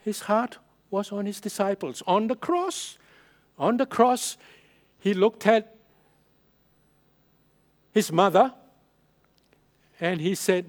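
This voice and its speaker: A male pastor preaching a sermon, stressing and repeating key phrases, his loudness rising and falling for emphasis. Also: high-pitched, expressive, slow, long pauses.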